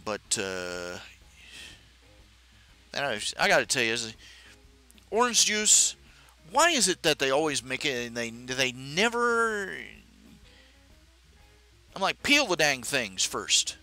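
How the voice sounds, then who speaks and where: A middle-aged man hosting a live stream, talking casually and haltingly with many fillers and restarts. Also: mid-range voice, sing-song, sharp tone, faint music behind.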